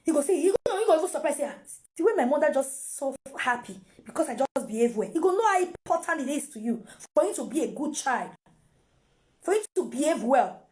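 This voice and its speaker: A woman's voice: sits high, sing-song, a little fast, a little mellow. A Nigerian woman and mother giving casual parenting advice to camera, repeating phrases and mixing in pidgin.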